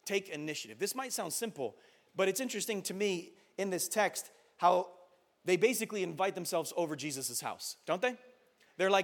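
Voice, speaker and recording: A man in his thirties preaching a sermon as pastor, passionate and building to loud exhortation, acting out quoted voices. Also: sits high, animated, fairly quick, gravelly.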